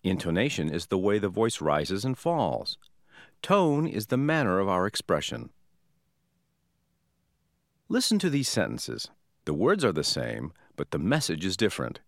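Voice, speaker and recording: Male instructor, lower voice, very expressive intonation, clear scripted delivery, dry studio. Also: a little slow, pauses often, no room sound. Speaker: language teacher. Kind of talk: scripted explanation.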